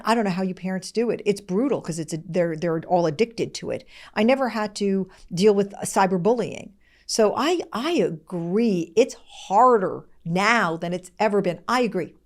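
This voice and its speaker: A middle-aged woman hosts a podcast in a quick, candid and expressive way. Her voice wavers, as if she is close to tears. She keeps a conversational podcast tone throughout. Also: mid-range voice. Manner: fast-talking, candid and expressive. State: tearful, close to crying. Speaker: podcast host.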